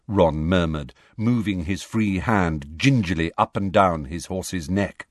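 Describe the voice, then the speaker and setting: A man narrating a fantasy novel chapter with an expressive, dramatic reading. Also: low-pitched, a little slow, hardly any pauses, no echo, studio quality. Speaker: audiobook narrator. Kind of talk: scripted storybook narration.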